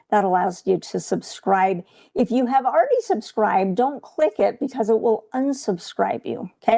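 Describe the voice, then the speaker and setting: A woman's voice: medium pitch, mellow. A woman coaching viewers through a live trading webcast in a chatty way, often checking in with "okay?".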